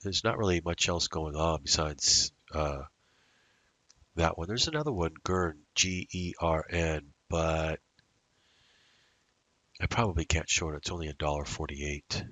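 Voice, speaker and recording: A man's voice: rumbling low, measured pace, long pauses, a bit bright, dry recording. A man day trader giving rambling live commentary on his trades, talking to himself and drifting into musings. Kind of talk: live trading commentary over a screen recording.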